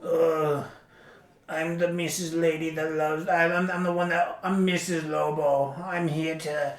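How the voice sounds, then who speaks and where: A man's voice: on the high side, flat delivery, a little slow, natural voice. A man doing a drawling, sneering impression of a haughty female gang boss. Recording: roomy echo, a bit off-mic.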